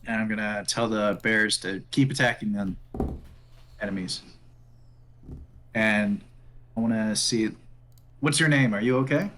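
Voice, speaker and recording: A man playing a tabletop game, calmly reading out rolls and stating his moves. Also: lowish voice, a little slow, long pauses. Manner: matter-of-fact, reading out rolls. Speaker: player. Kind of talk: casual tabletop game talk.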